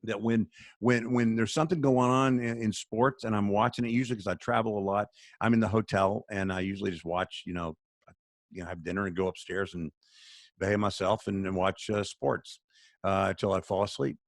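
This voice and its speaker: Low-ish guy on a video call, earnest storyteller, kinda preachy, dry sound. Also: fairly even intonation, fairly quick, no echo. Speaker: charity spokesman, radio guest.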